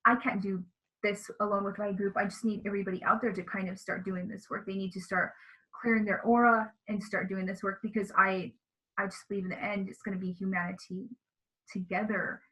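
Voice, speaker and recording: A woman's voice: medium pitch, fairly bright tone, low-quality recording. A woman speaking as an interview guest, telling of spiritual experiences in an earnest, emotional way. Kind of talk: casual interview talk about spiritual experiences.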